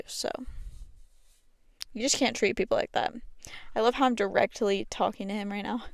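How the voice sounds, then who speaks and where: A woman's voice: medium pitch, steady tone, moderate pace, vocal fry, pauses often, dry recording. A young woman hosting a podcast, chatting casually and filling her talk with "like". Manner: chatty, fills speech with "like". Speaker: podcast host. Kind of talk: casual chat.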